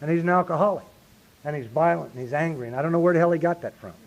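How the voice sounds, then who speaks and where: A middle-aged man with a fairly high voice talks rapid-fire and earnestly while sharing his recovery story at a meeting. He keeps saying "you see" and builds to emphatic points, heard on a lo-fi 1990s meeting tape.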